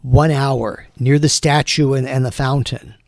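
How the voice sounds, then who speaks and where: A man voicing a charismatic, broad-shouldered caped hero who speaks calmly and persuasively. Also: mid-range voice, a little slow, vocal fry, no echo, clean studio sound.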